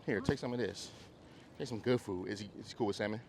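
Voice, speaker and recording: A man teaching a dog training class outdoors, coaching owners and breaking into high, excited praise for the dogs. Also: fast talker, gravelly, slight background noise. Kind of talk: hands-on group class instruction.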